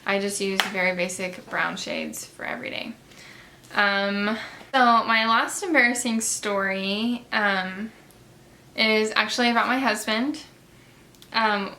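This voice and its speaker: A young woman telling embarrassing stories in a casual, chatty way while doing her makeup, with lots of fillers and lively retelling. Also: medium pitch, slight background noise. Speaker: beauty vlogger.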